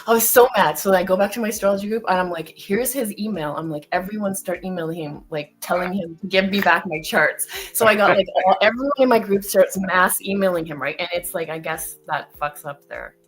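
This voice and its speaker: Woman telling an animated, swear-heavy story. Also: on the low side, a little fast, few pauses, poor audio. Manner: animated storyteller, swears a lot, acts out her own lines. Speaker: stream co-host. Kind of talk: casual chat.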